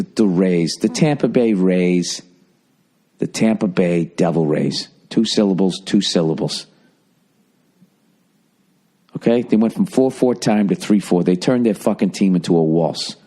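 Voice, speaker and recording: A man's voice: medium pitch, darkish tone. A middle-aged man hosting a podcast, riffing in a profane, sarcastic, rambling monologue. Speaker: podcast host.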